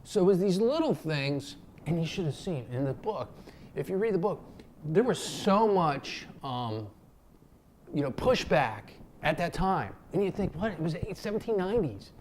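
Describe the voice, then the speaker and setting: A man's voice: on the high side, very animated, a little slow, darkish tone, a little hiss or hum. A man from Philadelphia talks off the cuff to his camera, wandering between thoughts. He fills his speech with ums, slang and the odd curse, and he jumps into quoted voices when telling a story. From Philadelphia, USA. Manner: rambling and loose, with many fillers, slang and swearing; acts out quotes in a raised voice. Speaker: vlogger. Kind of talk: casual unscripted talk to camera.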